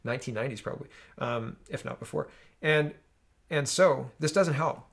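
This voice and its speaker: A man hosting casual political commentary, sarcastic and animated, often tossing in "right?" asides, recorded at home on a desk mic. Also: mid-range voice, normal speed, vocal fry. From Canada.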